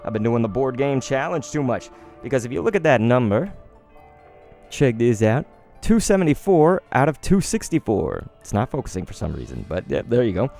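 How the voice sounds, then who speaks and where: A chatty man in his thirties hosts a casual card-opening stream, wandering from story to story. His voice sits at an ordinary middle pitch, with soft music playing faintly behind him. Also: normal speed, gravelly. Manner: chatty and rambling, excitable outbursts. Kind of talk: casual live-stream chat.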